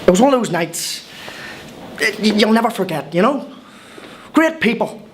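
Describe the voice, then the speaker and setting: A man's voice: high-pitched, expressive, normal speed, a little hiss or hum. An actor with an Irish accent playing a cheerful, wide-eyed newcomer in a scripted comic film monologue. He tells his story in a chatty, wry way, with hesitant restarts. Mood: wry storytelling. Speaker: monologue narrator.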